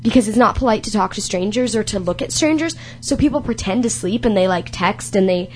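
A woman's voice: medium pitch, a little fast, a little hiss or hum. A young woman hosting a casual chat, telling rambling stories and laughing easily. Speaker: host.

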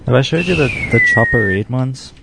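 A man's voice: mid-range voice, animated, a little fast, gravelly, heavy background noise. A man hosting a video reaction, chatting offhandedly as he introduces the clips. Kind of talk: casual chat.

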